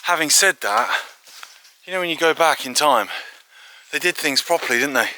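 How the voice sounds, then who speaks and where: A man hosting a walking exploration video outdoors, chatting excitedly to a handheld camera with frequent filler asides. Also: a little high, moderate pace, no echo. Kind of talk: casual walk-and-talk to camera. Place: outdoors in fields, woods and an old quarry.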